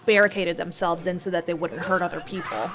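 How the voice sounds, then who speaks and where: A woman's voice: lowish voice, fairly even intonation, brisk, fairly bright tone, a little hiss or hum. Chatty supportive woman co-host. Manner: chatty and supportive, many fillers. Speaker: let's play co-host. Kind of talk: casual gameplay chat.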